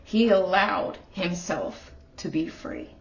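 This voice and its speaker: A woman's voice: fairly low pitch, animated, slow pace, creaky, lo-fi sound. A woman giving a casual tarot reading at home, talking straight to the viewer in an earnest, emotional way. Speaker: tarot reader. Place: her apartment.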